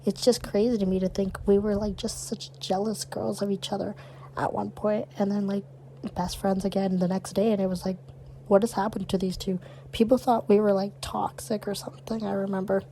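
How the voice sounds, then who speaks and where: A woman's voice: mid-range voice, flat delivery, brisk, dark tone, a little hiss or hum, rough recording. Chatty young woman podcast co-host. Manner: chatty, peppers speech with "like". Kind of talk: casual storytelling chat.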